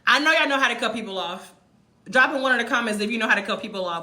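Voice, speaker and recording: A woman's voice: a little high, brisk, pushed and bright, echoey room. A woman in her thirties live-streaming a motivational talk to her followers, emphatic, repeating her points and calling viewers y'all. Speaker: vlogger livestreaming to followers. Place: room in Mexico.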